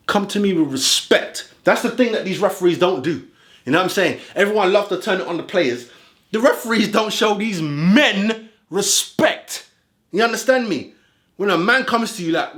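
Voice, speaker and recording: A man giving heated reaction commentary as a football fan vlogger, ranting in street slang. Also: high-pitched. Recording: roomy echo.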